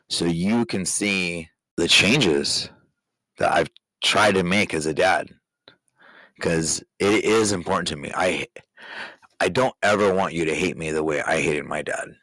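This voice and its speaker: A man hosting a personal podcast, talking candidly and emotionally to his young daughter, with halting restarts. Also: deep voice, sharp tone, no echo, low-quality recording. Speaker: podcast host, father speaking to his daughter.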